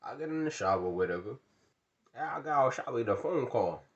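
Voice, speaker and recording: Man, casual comic storytelling, slangy, lively sing-song delivery, acts out the dialogue. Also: medium pitch, fast, dull audio. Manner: slangy, animated, acts out dialogue, bursts into loud rants.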